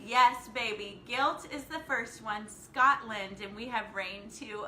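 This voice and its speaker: A bright-toned woman chats on a casual live stream, upbeat and friendly, greeting viewers by name. Her voice bounces around a hard-walled room, with a faint hum of noise behind her. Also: fairly high pitch, takes it slowly, few pauses, reverberant. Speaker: live-stream host and life coach.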